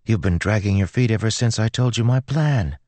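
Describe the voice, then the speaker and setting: A man's voice: lowish voice, fairly quick, warm tone, no echo, voice pushed up, close to an everyday voice. A man reading an audiobook, voicing a pushy, eager teenage schoolgirl in a lifted, lighter voice. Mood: urging.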